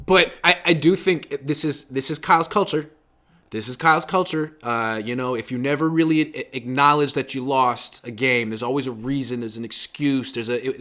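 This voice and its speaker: A man in his thirties hosting a casual sports talk show, animated and acting out quotes in swinging voices. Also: mid-range voice.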